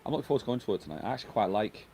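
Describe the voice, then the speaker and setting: Middle-aged guy rattling thru a home livestream, quick chatty delivery, bit of faint background hum. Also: on the low side, big pitch swings, dark tone. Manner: chatty, reads out viewer comments. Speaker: live stream host. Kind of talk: casual live stream chat.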